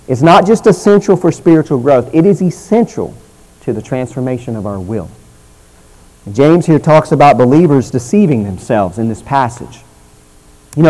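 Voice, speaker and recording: A man preaching a sermon in an earnest teaching tone. He slows down for emphasis and lets his phrase ends fall soft. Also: medium pitch, poor audio.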